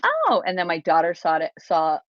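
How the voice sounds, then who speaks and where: A woman's voice: on the low side, unhurried, no room sound, dull audio. A woman hosting a casual livestream chat from a small closet, rambling with lots of fillers and restarts. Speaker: livestream host.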